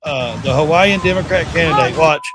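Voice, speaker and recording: A man's voice: on the high side, moderate pace, music in the background. A middle-aged man hosting a livestream, bluntly and animatedly commenting on clips, swearing and mocking. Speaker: livestream host. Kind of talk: casual commentary.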